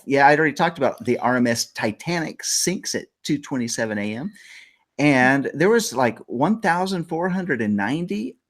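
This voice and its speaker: Middle-aged male host, lively pitch, loose jokey chatter, casual morning show. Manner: jokey, rambling, laughs often.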